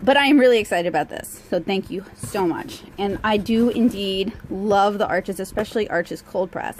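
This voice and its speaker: A woman from southern Louisiana chatting casually through an unboxing vlog, self-mocking and quick with asides, recorded on a handheld phone. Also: mid-range voice, slight background noise, rough recording. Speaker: art vlogger. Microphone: cell phone held in hand.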